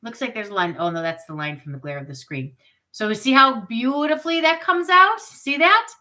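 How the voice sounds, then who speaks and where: Upbeat woman in her 40s doing a live webcam demo, bright tense voice, keeps talking to her viewers. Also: fairly high pitch, lively intonation, normal speed, low-quality recording. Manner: chatty and upbeat, with asides to viewers. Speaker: product party host.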